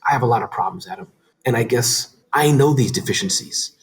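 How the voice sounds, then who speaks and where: A man speaking as a guest in a casual interview, animated and talking quickly, sometimes slurring words. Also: mid-range voice. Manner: fast, animated, says he talks too fast. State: tearing up, emotional. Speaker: podcast guest, business founder.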